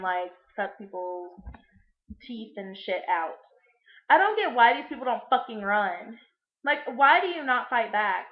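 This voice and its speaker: Crude sarcastic young woman vlogging. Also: fairly high pitch. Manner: crude, sarcastic, rambling with many fillers. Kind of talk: casual movie recap vlog. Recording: echoey room, muffled lo-fi sound.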